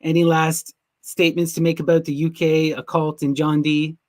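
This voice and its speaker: A man's voice: fairly high pitch, flat delivery, normal speed, darkish tone. A man co-hosting a podcast on a video call, curious and often seeking agreement. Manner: curious, seeks agreement with frequent "right?". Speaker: podcast host. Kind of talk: casual chat.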